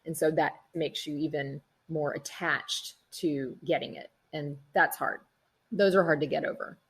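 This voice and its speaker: A low, husky woman's voice in a relaxed interview. She is a middle-aged actress who tells stories with lots of energy and acts out the people she quotes. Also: measured pace. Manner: chatty, animated storytelling, acts out quoted people. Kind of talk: casual interview conversation.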